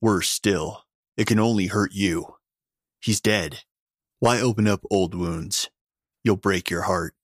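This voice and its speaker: A man's voice: deep voice, slow, long pauses, dry recording, clean studio sound. A man playing an urgent, pleading young man.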